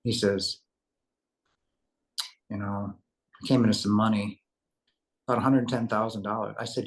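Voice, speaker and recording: A man's voice: lowish voice, steady tone, moderate pace, long pauses. A man telling a personal spiritual story in a rambling, earnest way, acting out the dialogue. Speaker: guest telling his near-death story. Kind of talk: casual storytelling.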